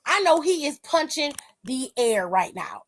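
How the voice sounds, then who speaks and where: A woman's voice: sits high, very animated, a little slow. A woman hosting a wrestling aftershow, giving casual, emphatic, profane live-stream commentary and reading viewer comments aloud.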